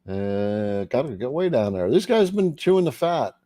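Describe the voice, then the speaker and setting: A man's voice: medium pitch, very animated, a little slow, mellow, no echo. A man hosting a casual livestream, chatting and greeting viewers by name. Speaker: livestream host.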